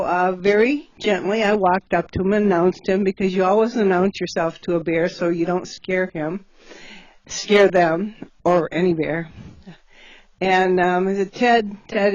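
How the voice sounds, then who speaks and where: A woman's voice: on the low side, no room sound, highs cut off. Chatty woman telling animal stories. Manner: chatty, laughs through her stories, many fillers. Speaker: bear sanctuary caretaker telling stories. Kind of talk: casual storytelling on a livestream.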